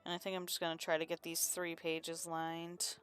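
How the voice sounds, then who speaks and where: A woman's voice: low voice, completely flat delivery, moderate pace, fairly bright tone, faint music behind. A woman streaming from her room at home, chatting casually and rambling while she works on comics, laughing often and swearing now and then. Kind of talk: casual chat while drawing.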